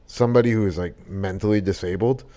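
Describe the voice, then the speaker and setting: A man's voice: deep voice, quick pace, dark tone. A young man, hosting a casual podcast chat and telling stories loosely, with swearing and laughter. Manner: loose, profane, laughing storytelling. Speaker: podcast host.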